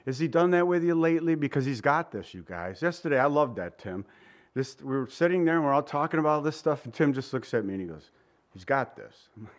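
A middle-aged male preacher delivers a sermon in a relaxed, chatty way. His voice sits somewhat high for a man. He keeps slipping into brief acted-out quotes. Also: normal speed. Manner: conversational, dramatizes voices and quotes.

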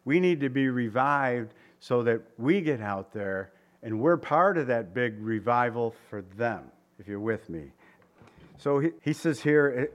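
A man's voice: medium pitch, expressive, a little slow. A man preaching a conversational sermon, asking his listeners questions and voicing quotes. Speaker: pastor.

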